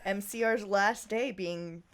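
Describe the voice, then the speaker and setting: Woman, podcast host, reading aloud, giggly, playful, unhurried. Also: mid-range voice. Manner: giggly, reads dialogue with playful emphasis. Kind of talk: casual chat and reading aloud.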